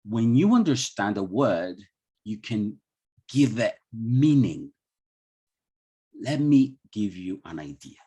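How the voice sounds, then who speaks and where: A man's voice: fairly low pitch, very animated, takes it slowly, pauses often, mellow, slightly rough. A man with a Colombian Spanish accent, leading an online IELTS training session for teachers in a chatty way, with many restarts and questions put to the audience. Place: video call.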